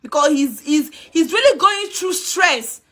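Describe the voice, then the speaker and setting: A woman's voice: high-pitched, lively intonation, a little slow, bright, forceful tone. A woman speaking Nigerian Pidgin English, ranting on a live video, scolding and taunting someone and repeating herself. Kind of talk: heated live video rant.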